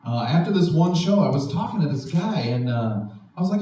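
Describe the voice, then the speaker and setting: A young man doing a stand-up comedy set, animated, often jumping into high mocking voices for the people he quotes. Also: fairly quick. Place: art house venue with live audience. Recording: echoey room, distant mic, faint noise. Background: audience laughter.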